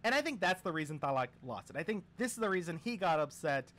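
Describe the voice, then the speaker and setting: A man hosting a storytelling podcast, retelling a myth in a chatty, rambling way full of animated asides. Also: a little high, quick pace.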